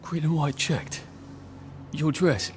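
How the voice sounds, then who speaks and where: A man's voice: fairly high pitch, takes it slowly, background noise. An actor voicing a surly, weary man in video game dialogue, with dry, guarded replies. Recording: game audio with music bed.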